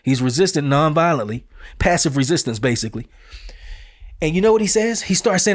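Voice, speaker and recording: A man delivering opinion commentary as a show host, with a voice that sits a little high for a man. He talks bluntly and emphatically, leaning on casual street phrasing. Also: expressive, fairly quick.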